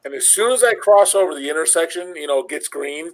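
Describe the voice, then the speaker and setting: A man's voice: a little high, quick pace, poor audio. A man, probably in his forties, casually telling a long personal story, rambling and swearing and acting out the other voices in it. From Illinois, USA. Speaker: podcast host.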